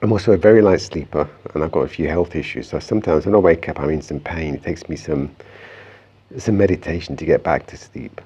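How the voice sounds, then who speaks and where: Deep husky man telling a story. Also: fairly quick, warm tone, highs cut off. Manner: meandering, conversational, frequent restarts. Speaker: vlogger. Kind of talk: reflective personal storytelling.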